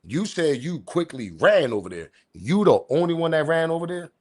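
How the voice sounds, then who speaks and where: A man's voice: on the high side, big pitch swings, moderate pace. Incredulous man ranting on a live stream. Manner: incredulous, argumentative, slangy street talk. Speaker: commentary channel host. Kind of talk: animated live-stream commentary.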